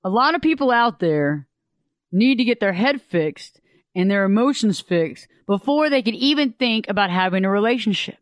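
Male advice speaker, high and clear, dry close sound, animated delivery. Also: moderate pace, no echo. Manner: animated, acts out quoted voices. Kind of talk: casual advice monologue.

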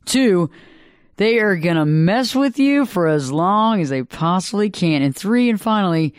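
A high-voiced man hosts a live radio advice program, speaking with a smooth, resonant tone. He lectures emphatically and repeats his points for effect. The sound is dry and close, with almost no room echo. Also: animated, measured pace. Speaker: radio talk show host.

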